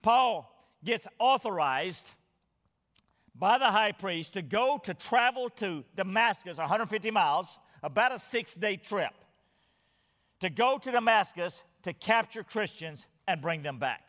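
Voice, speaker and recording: A man's voice: sits high, expressive, unhurried, fairly bright tone. A man preaching an expository sermon, reading scripture aloud with earnest, dramatic emphasis. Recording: long hall reverb.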